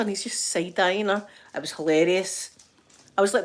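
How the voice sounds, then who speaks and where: A woman's voice: mid-range voice, expressive, brisk. Older Scottish woman, talkative vlogger, laughs easily, rambles through stories. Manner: chatty, laughs often, rambling anecdotes. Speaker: vlogger reading live chat. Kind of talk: casual chat.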